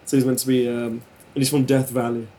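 A man's voice: mid-range voice, level tone, fast talker, warm tone, a little hiss or hum. Enthusiastic swearing man telling a story. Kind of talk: casual chat.

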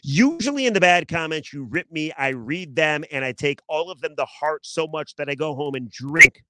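A man's voice: a little high, lively intonation, normal speed, pushed and bright, dry recording. A man hosting a sports podcast, giving opinionated, teasing talk full of rhetorical questions.

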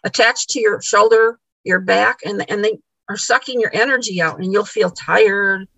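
Gravelly woman telling a ghost story. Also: medium pitch, normal speed, a bit bright, low-quality recording. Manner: repeats words, acts out quoted dialogue. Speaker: podcast guest. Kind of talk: storytelling in conversation.

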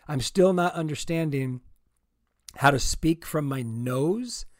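A man's voice: on the high side, slow, no echo, clean studio sound. A man with a sore throat chatting casually, teasing and easygoing. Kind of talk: casual chat.

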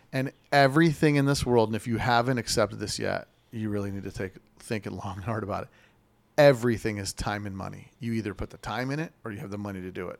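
Male host, gravelly and low, loose rambling storyteller who drops into voices, close dry sound. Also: a little fast, no echo. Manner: rambling, laughing, acts out voices in quotes. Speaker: show host. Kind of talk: casual chat about classic cars. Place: Las Vegas.

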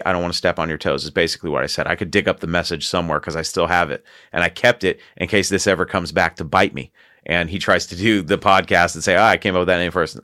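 A man's voice: low voice, pushed and bright, dry recording, clean studio sound. A man hosting a casual podcast, telling a long story in a rambling way and laughing often. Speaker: podcast host.

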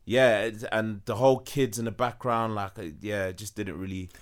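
A man's voice: fairly low pitch, normal speed, clean tone. A young man in casual podcast chat, easygoing, often repeating words as he starts.

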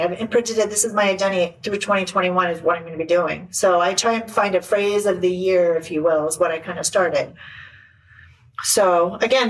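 A woman life coach chatting in an interview, animated and acting out little quoted voices. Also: mid-range voice, recorded from a distance, low-quality recording. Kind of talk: casual interview chat.

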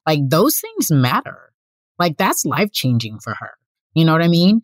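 A woman's voice: deep voice, big pitch swings, normal speed, no echo. A woman hosting an interview, talking in an emphatic, insistent way. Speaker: host. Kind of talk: warm conversational interview.

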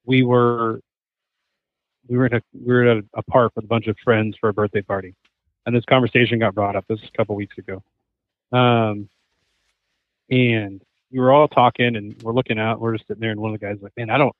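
A man's voice: lowish voice, a little fast, long pauses, no echo. A man talking as a podcast guest, telling stories with animation and acting out the voices of the people he quotes. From Southern California. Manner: animated storyteller who acts out quoted voices. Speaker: podcast guest, hunter and chef. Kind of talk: casual conversation. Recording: thin phone-like remote line, dry.

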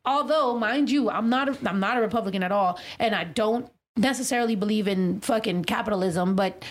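A woman's voice: mid-range voice, brisk. A woman hosting a podcast in casual chat, rambling through stories with lots of "like" and swearing. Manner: swears a lot, rambling storyteller, full of "like". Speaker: podcast host.

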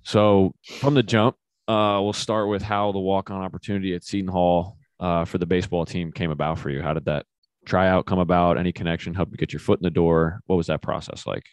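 A young man with a hoarse, raspy voice from losing it, hosting a casual podcast in an upbeat, loose way. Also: sits low, fairly even intonation, fairly quick, no room sound. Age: young adult. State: hoarse, lost voice. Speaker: podcast host. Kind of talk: casual podcast intro and interview.

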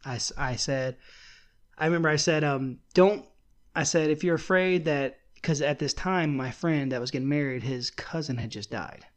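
A man's voice: mid-range voice, normal speed. A man co-hosting a podcast in casual, rambling chat, laughing often. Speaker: podcast co-host.

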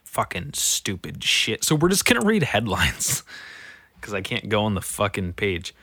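A man who is sick, reading news headlines aloud in a casual, foul-mouthed way, swinging from mumbling to shouting. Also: fairly low pitch, sing-song, measured pace, dry recording, clean studio sound. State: sick, voice going rough. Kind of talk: casual profane commentary.

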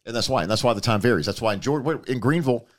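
A man's voice: mid-range voice, racing. A man hosting a podcast in casual, rambling, folksy chat. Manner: rambling, folksy, repeats himself. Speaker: podcast host.

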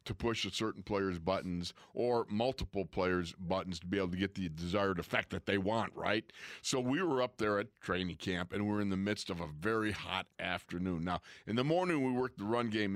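Brief: ex-player co-host, lower-pitched man, animated raconteur, dry close mic. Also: normal speed, hardly any pauses, no echo. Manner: animated storyteller, acts out quoted coaches and players. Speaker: former pro football player, co-host. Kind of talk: casual storytelling chat.

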